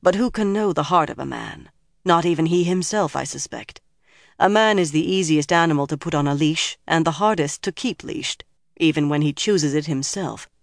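A reader voicing a cold, stern older woman leader, speaking in a measured, firm way in an audiobook. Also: mid-range voice, gravelly, no room sound, clean studio sound, lightly acted. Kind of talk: audiobook character reading.

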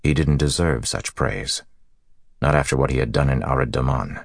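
A man narrating a fantasy audiobook in a steady, even storytelling manner. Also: extremely low pitch, normal speed, creaky, dry recording, studio quality.

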